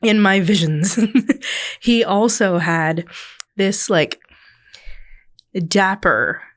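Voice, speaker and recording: A woman's voice: mid-range voice, drawn-out words, dry recording. A woman hosting her own podcast, telling a childhood story in a casual, rambling way, correcting herself and laughing now and then. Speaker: podcast host.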